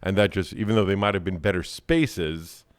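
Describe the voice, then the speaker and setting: A man's voice: deep voice, moderate pace, clear, resonant tone, dry recording, clean studio sound. A man chatting casually as a podcast guest, brash and self-deprecating, swearing now and then. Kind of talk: casual interview chat.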